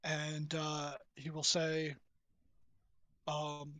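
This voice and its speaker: Guy playing a tabletop game, bit high-voiced, playful, haggling with the gm, dry mic. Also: monotone, drawn-out words, sharp tone, no room sound. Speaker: player.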